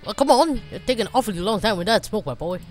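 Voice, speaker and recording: Woman playing a fussy, nosy old gentleman. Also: medium pitch, lively intonation, fast, faint music behind, lightly acted. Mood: curious.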